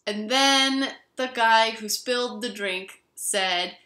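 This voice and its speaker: Bright-voiced woman musing in an echoey room. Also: on the high side, moderate pace. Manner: musing, many fillers like "you know". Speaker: vlogger. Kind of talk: reflective storytelling vlog.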